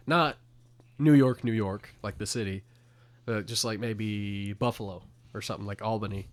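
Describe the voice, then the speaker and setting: A man's voice: fairly low pitch, steady tone, moderate pace. Rambling, laughing young man. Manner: rambling, laughs often, many likes. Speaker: podcast co-host. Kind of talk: casual chat.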